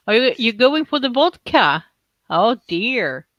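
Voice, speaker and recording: Casting: woman, bright tone, chatty and giggly, dry close sound. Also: fairly high pitch, sing-song, slow pace, no echo, highs cut off. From Sweden. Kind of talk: casual chat.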